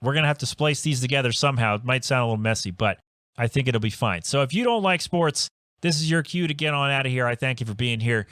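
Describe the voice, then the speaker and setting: Man, podcast host, rambling solo rant, exasperated, mid pitch, dry close mic. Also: lively intonation, fast, fairly bright tone, no echo. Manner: rambling, exasperated, self-interrupting. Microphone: home podcast microphone.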